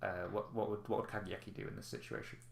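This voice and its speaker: A man narrating as game master of a tabletop game, relaxed and halting, with many fillers. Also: on the low side, creaky, reverberant.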